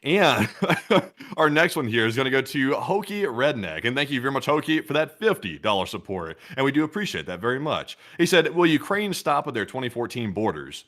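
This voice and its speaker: A man's voice: medium pitch, very animated, a little fast, a bit bright. A man co-hosting a casual live stream, chatting in a rambling, self-amused way. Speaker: co-host.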